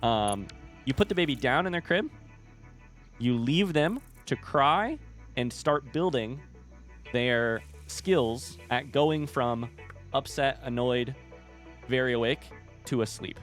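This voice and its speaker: A young man talks casually to his viewers during a game stream, rambling from one thought to the next. His voice sits at an ordinary middle pitch for a man. Soft music plays faintly underneath. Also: expressive, takes it slowly, pauses often. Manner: chatty, rambling storyteller. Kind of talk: casual chat while gaming.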